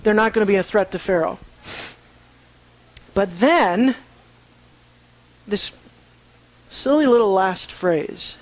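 A man's voice: sits high, lively intonation, slow pace, pauses often, poor audio. A man teaching a sermon, reading scripture aloud and asking his listeners rhetorical questions. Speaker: Bible teacher.

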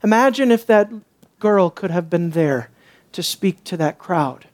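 Expressive and a little slow, a high-voiced man delivers an expository sermon. He leans on rhetorical questions, swings from hushed to emphatic, and mocks others sarcastically when quoting them.

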